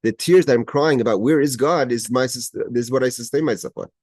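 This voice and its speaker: Guy teaching torah on a video call, mid-pitched, dry close sound, keeps restarting, reads hebrew then explains it. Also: a little fast, darkish tone, dry recording. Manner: mixes Hebrew quotes with English explanation, frequent restarts; grows emphatic at key points. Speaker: teacher leading a Torah study class. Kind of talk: explaining a Hebrew text line by line.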